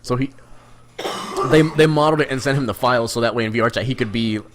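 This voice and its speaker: A man in a relaxed podcast chat, telling stories with lots of energy. He jumps into other people's voices for quotes and often breaks into laughter. His pitch sits in the middle for a man. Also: fast. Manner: animated storyteller, acts out quotes, laughs a lot. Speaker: podcast co-host. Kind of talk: casual chat.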